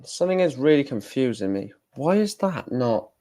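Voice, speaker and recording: A man's voice: medium pitch, very animated, moderate pace, warm tone. Casual male streamer, rambling and self-correcting. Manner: chatty, thinking aloud, self-correcting. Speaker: live stream host. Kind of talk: casual live-stream commentary.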